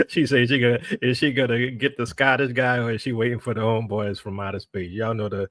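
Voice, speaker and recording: A man's voice: mid-range voice, flat delivery, a little fast, a bit bright, no room sound, studio quality. A man hosting a ministry livestream in a chatty, casual way, checking in with his viewers and often repeating himself.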